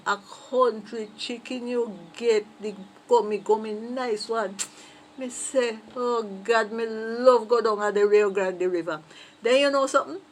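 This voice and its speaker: A woman from Jamaica with a Jamaican accent, chatting playfully as a patois teacher telling a story with lively asides. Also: on the high side.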